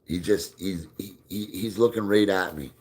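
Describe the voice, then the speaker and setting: A man with a somewhat low voice hosts a casual live stream and chats easily with his viewers. He reads out their comments and answers them. Between comments he throws a ball for his dog and drops into soft baby talk with it. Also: normal speed. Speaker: livestream host.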